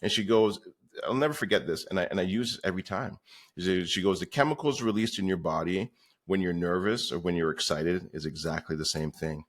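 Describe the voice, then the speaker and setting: Podcast guest, male, real estate coach, very low voice, rambling anecdotal storyteller. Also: brisk. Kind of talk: conversational storytelling.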